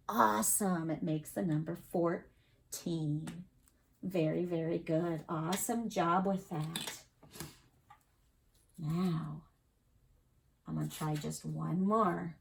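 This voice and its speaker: A woman's voice: mid-range voice, a little hiss or hum. A woman teacher giving an early-grade math lesson, counting aloud and asking the children encouraging questions. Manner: slow, encouraging, sing-song counting with questions to kids.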